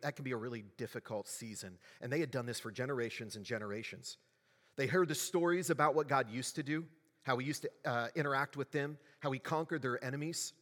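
A male pastor delivers a sermon at a middle pitch, talking to the congregation in a conversational way and asking them questions. His voice rings with the long reverb of a large church hall. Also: fairly bright tone.

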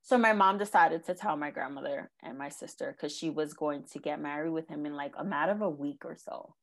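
Nearly crying, a young guest recounts her difficult life story during an interview. She has a slightly low voice and talks in an earnest, faltering way, frequently stopping on "um" and "like" as she gives this emotional testimony.

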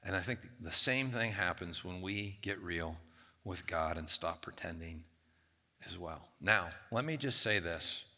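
The speaker is a pastor giving a sermon to his congregation and voicing the whining of biblical figures in a higher pitch. His tone is sharp and his pace unhurried, echoing with long hall reverb in the church.

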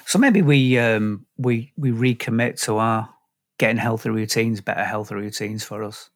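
A man's voice: on the low side, normal speed. A man co-hosting a casual podcast chat, easygoing as he steers the conversation. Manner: easygoing, leads the wrap-up. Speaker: podcast co-host.

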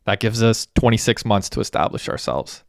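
A man voicing a young male roommate who argues calmly and persuasively for a scheme. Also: fairly low pitch, brisk, gravelly, no room sound, studio quality. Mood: scheming. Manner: calm, persuasive reasoning.

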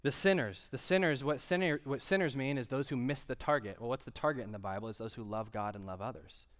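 A man's voice: mid-range voice, quick pace, a bit bright. A male pastor giving a conversational sermon, asking the congregation questions as he goes. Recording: long hall reverb.

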